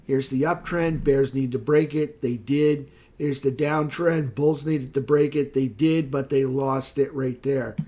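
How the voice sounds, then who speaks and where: A slightly hoarse man giving a casual market recap, thinking aloud with fillers and quick self-corrections. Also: medium pitch, steady tone, mellow. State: slightly hoarse, losing his voice. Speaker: market analyst. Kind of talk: screen-share market recap.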